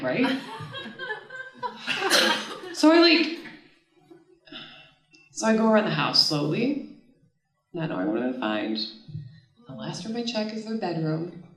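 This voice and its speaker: A woman in her thirties telling a personal story on stage at a live event, casual and animated, often laughing and swearing as she goes. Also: fairly high pitch. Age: 30s. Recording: echoey room, voice from far off the mic.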